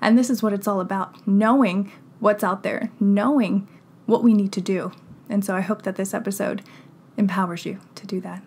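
A woman's voice: medium pitch, steady tone, normal speed, breathy edge. Earnest woman hosting a podcast. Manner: earnest, warm-hearted direct address to listeners. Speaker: podcast host. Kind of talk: podcast intro and interview.

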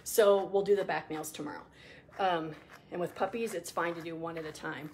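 A woman's voice: lowish voice, fairly even intonation, normal speed, slight background noise. Chatty middle-aged woman grooming her dog. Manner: rambling, chatty, many ums and restarts; soft cooing asides to the dog. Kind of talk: casual livestream chat while grooming.

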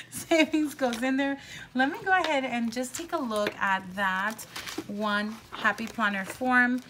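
A woman vlogger chatting casually while counting cash out loud, excitable and upbeat. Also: fairly high pitch, a little hiss or hum, rough recording. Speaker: budgeting vlogger.

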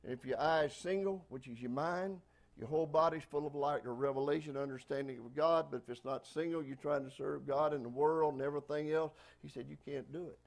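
Southern pastor guy preaching, gravelly voice, kinda high, folksy and punchy. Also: fairly quick. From Texas. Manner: folksy, emphatic preaching with frequent praise-God interjections. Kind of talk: sermon.

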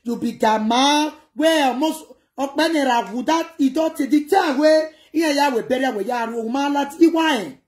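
Woman, Nigerian Pidgin accent, high voice, animated casual livestream chat, speaks to viewers. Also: normal speed, hardly any pauses. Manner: animated, switching between pidgin and local language, addressing viewers. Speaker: livestream host.

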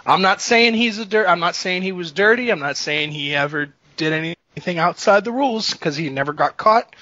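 Bright, animated man on a podcast. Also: high-pitched, moderate pace, dry recording. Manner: animated, laughing often, jokey. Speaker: podcast co-host. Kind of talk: casual sports chat. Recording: dull lo-fi dry sound.

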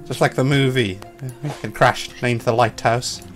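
A man chatting casually while playing a game with his son, excitable and quick to yell and laugh. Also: medium pitch, faint music behind. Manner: excitable, loud yelps and laughs. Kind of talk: casual gaming chat.

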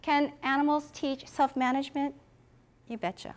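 A woman's voice: sits high, level tone, moderate pace. A woman giving a conference talk who tells a story, asks the audience questions and acts out the people she quotes. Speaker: conference presenter for an animal welfare education program.

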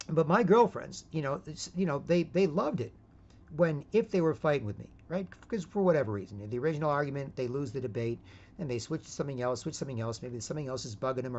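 With a medium-pitched, darkish voice and lo-fi audio, a male vlogger delivers a rambling, casual monologue. He repeats himself, keeps asking "right?" and shifts into put-on quotes.

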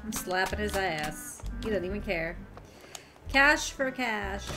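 A woman's voice: mid-range voice, lively intonation, slow pace, pushed and bright. A woman streaming a video game, commenting playfully, giggling and reading signs aloud. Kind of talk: live gameplay commentary. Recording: game music playing behind the voice.

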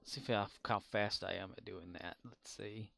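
A man's voice: on the low side, steady tone, normal speed, creaky, fairly bright tone. A man streaming a game live, chatting casually and playfully mimicking voices. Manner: playful, imitating voices, laughing.

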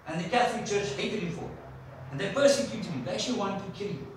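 A fairly high-voiced man preaching to his congregation, stopping to put questions to them. He is picked up from a distance in a very echoey church hall, with a faint hiss underneath. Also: fast. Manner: storytelling, asks the congregation questions. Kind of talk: sermon.

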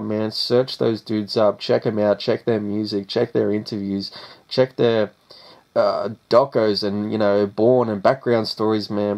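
Laid-back young Australian man, flat voice. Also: lowish voice. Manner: laid-back, says man after most phrases. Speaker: rapper. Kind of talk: casual interview answers.

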